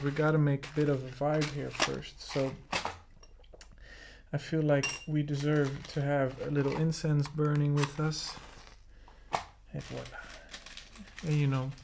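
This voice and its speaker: A man's voice: fairly high pitch, gravelly, background noise. Laid-back rambling man in home studio. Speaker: music producer and host. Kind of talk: casual studio vlog chat. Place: home studio in his apartment.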